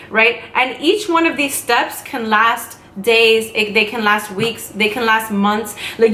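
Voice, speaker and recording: A woman vlogger talking casually and rambling to her camera, with quick asides. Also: on the high side, a bit bright, slight background noise. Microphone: camera mic. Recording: echoey room.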